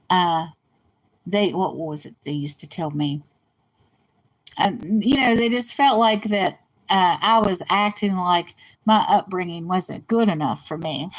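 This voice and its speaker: Older woman, host, slight West Virginia accent; loose, rambling storyteller. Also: mid-range voice. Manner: rambling storyteller, laughs at own stories. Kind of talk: casual monologue. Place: in a car.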